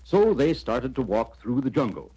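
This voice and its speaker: A man narrating a children's storybook record in an animated, storytelling manner. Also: mid-range voice, normal speed, husky, soft background music.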